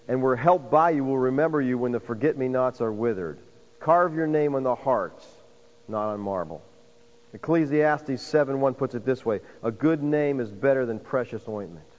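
A man's voice: mid-range voice, a little mellow. A man preaching a sermon as pastor, calling his listeners "folks" and building to emphatic points. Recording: dull sound with long hall reverb.

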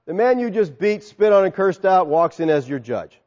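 Male pastor, high voice, lively sermon delivery; dull recording with a long hall echo. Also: normal speed. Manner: animated preaching, acts out crowd voices; soft, quiet prayer.

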